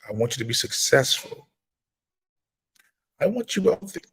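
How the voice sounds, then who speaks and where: A man hosts a casual livestream, talking to his viewers in a middle-pitched voice. He preaches more than he chats, leaning hard on repeated lines and emphatic stress. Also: slightly rough. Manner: breaks into high-pitched excited exclamations when greeting viewers. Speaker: firearms trainer and livestream host. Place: gun laws in Maryland.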